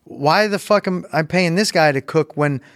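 A man's voice: a little high, normal speed, fairly bright tone, dry recording, clean studio sound. A man, a podcast host talking casually, rambling and swearing. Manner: rambling, profane storytelling. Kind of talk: casual chat.

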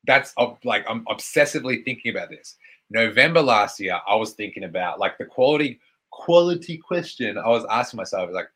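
Husky fitness coach. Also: male voice, lowish voice, lively intonation, fairly quick, bright, forceful tone. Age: around 30. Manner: blunt, swears freely, fillers of "like". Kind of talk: live-streamed motivational talk.

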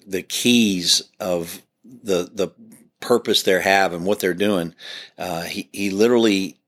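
A man's voice: low voice, a bit bright. A man who is a pastor, talking earnestly on a podcast about church leadership, restarting his sentences often. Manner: earnest, preacherly, frequent restarts. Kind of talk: podcast discussion.

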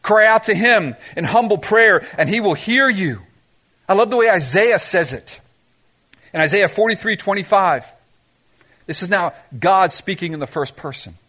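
A man's voice: high-pitched, lively intonation, normal speed, pushed and bright. A man preaching a sermon, asking the congregation rhetorical questions and mixing in humorous asides. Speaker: pastor.

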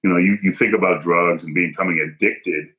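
A man tells a personal story as a podcast guest, hitting his points hard and acting out the voices of people he quotes. His voice sits a little low and has a bright, forceful edge. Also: fairly even intonation, a little fast, low-quality recording. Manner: emphatic, punchy, acts out quoted dialogue.

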